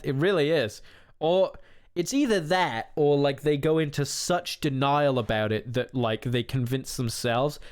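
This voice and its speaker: A man's voice: mid-range voice, smooth. A man chatting casually while streaming a game, rambling, swearing and laughing often. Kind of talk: casual gaming stream chat.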